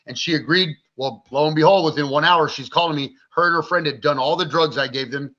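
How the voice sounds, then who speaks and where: A man's voice: on the high side, brisk, few pauses, bright, forceful tone. A man in his forties, a podcast guest, telling his story in a blunt, profane, vivid way. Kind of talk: candid interview storytelling. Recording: dull lo-fi recording.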